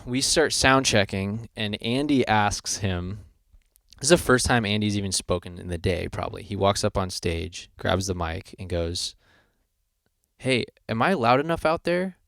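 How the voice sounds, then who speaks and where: Man, low voice, casual podcast co-host, animated storyteller, swears a lot, dry close sound. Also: normal speed, vocal fry, no room sound. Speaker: podcast co-host, band member. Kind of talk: casual chat.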